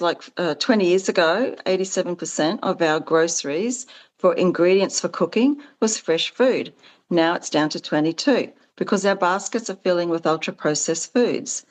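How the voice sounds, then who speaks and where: In a conversational interview, a woman who founded a farming support business speaks earnestly and with animation. Her voice sits fairly low but jumps up whenever she acts out quoted exchanges.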